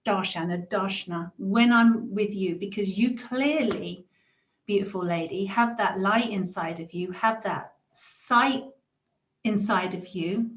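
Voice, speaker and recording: A woman in her forties with a Brighton English accent, hosting a casual interview and speaking in a gushing, affectionate, spiritual way. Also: medium pitch, echoey room. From England. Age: 40s. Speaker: host.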